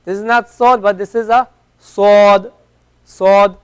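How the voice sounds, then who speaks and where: A man's voice: extremely high pitch, fairly even intonation, fairly quick, a bit bright, clean tone. A man teaching an Arabic class, patiently repeating each letter sound to demonstrate its pronunciation. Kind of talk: classroom lesson. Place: classroom at an Islamic center.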